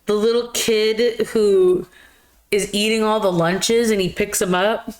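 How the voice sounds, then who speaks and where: A woman's voice: medium pitch, steady tone, darkish tone. A married woman co-hosting a live movie stream, chatting casually and joking with frequent laughter. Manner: quick, joking, laughs often. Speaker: podcast co-host. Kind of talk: casual chat.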